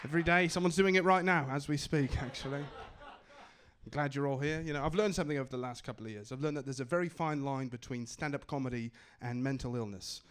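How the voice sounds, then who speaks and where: A man's voice: medium pitch, fairly quick, a bit bright, slight background noise. A man performing stand-up comedy on a club stage with a handheld mic, wry and self-mocking, with punchy timing.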